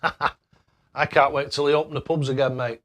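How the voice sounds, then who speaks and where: A man's voice: on the high side, level tone, normal speed, a bit bright. A man hosting a casual live stream, chatting away and thanking viewers by name with matey banter. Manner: matey banter, calls people mate.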